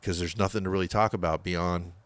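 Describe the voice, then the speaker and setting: A man's voice: low-pitched, brisk, dry recording. A middle-aged man telling stories as a podcast guest, swearing freely and acting out what others said. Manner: animated storyteller, swears a lot, acts out quotes. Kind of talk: casual interview storytelling.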